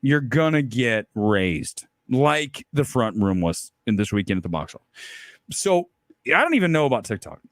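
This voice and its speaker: A man's voice: mid-range voice, very animated, moderate pace, no echo. A man hosting a film talk stream, ranting in a combative, opinionated way about movies and his critics. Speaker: film talk show host. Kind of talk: ranting live-stream commentary.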